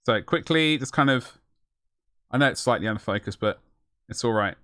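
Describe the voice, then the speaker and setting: A man's voice: mid-range voice, normal speed, pushed and bright, no echo, clean studio sound. A young man chatting casually and jokingly while painting miniatures on a live stream, rambling with self-mocking asides.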